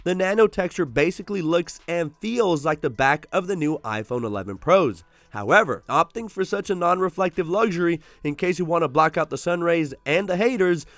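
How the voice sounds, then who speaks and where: A man's voice: fairly high pitch, no echo. Upbeat man with a sore throat. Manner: upbeat, wry and sarcastic. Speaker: tech reviewer. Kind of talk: scripted tech review voice-over.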